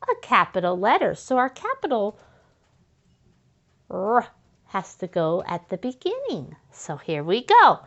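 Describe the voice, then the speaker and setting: Her mid-range pitch swoops wildly as she speaks at a measured pace, pausing often, in a muffled recording. She teaches young children step by step how to write sentences, sounding out letters and words and encouraging them warmly.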